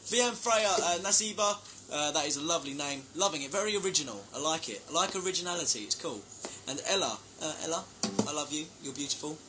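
A man's voice: fairly high pitch, expressive, quick pace, music in the background. A young man chatting casually on a live stream, reading out fan names and thanking them for gifts. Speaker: band member live-streaming to fans.

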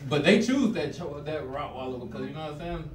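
A man's voice: on the high side, lively intonation, fast talker, reverberant, far from the mic, very noisy. A man doing his first stand-up set, telling slangy stories and laughing through his own lines. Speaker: stand-up comedian. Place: comedy stage.

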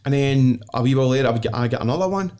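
A man's voice: mid-range voice, animated, very fast, a little mellow. A man with a Glaswegian accent, guesting on a podcast and telling stories in a blunt, self-mocking way, swearing freely and laughing often. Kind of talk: casual storytelling chat.

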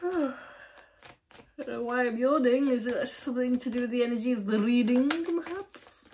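A woman's voice: a little high, moderate pace, darkish tone, a little hiss or hum. A woman reading tarot cards to camera at home, rambling and chatty, often breaking off mid-sentence. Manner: chatty, rambling, self-interrupting, emphatic. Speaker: tarot reader, channel host. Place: at home, lit by her computer.

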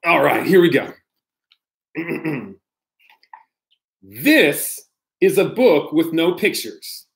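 A man's voice: fairly high pitch, expressive, extremely slow, creaky, long pauses. Playful man reading aloud to kids. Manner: playful, talks directly to kids, mock-outraged squeals. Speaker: pastor reading a children's story. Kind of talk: animated storybook read-aloud on a livestream.

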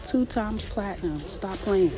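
A vlogger touring a busy indoor museum exhibit films herself as she goes, speaking at medium pitch and a measured pace over crowd noise. Under her breath she lets out excited, emotional remarks of amazement.

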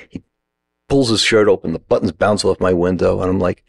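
A man's voice: sits low, fast talker, creaky, husky. A middle-aged man, an acting teacher, telling a story in short punchy sentences and acting out the other people's lines. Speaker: acting teacher, podcast guest. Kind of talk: animated storytelling.

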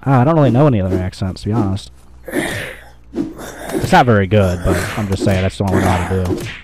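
A man's voice: low voice, fast, noisy background. A man giving casual, rambling gameplay commentary, swearing and joking at himself as he plays. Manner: rambling, sweary, self-mocking. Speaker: gamer, channel host.

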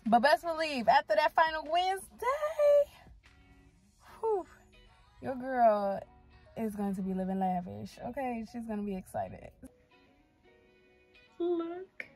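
Young female vlogger, unhurried and talkative, phone held at arm's length, faint music under her. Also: fairly high pitch, rough recording. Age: young adult. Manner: chatty and expressive, lots of slang and fillers. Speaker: radiography student vlogger. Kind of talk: casual vlog chat.

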